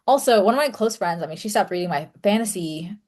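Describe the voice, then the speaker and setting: A young woman talking casually to her audience, chatty and relaxed, with many fillers and small laughs. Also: medium pitch, quick pace. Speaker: author and content creator. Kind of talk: casual solo talk to camera.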